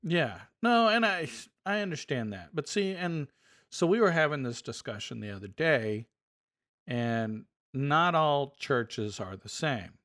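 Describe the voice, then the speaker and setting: A man's voice: on the high side, very animated, measured pace, fairly bright tone. Man co-host chiming in casually. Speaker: podcast co-host. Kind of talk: casual chat.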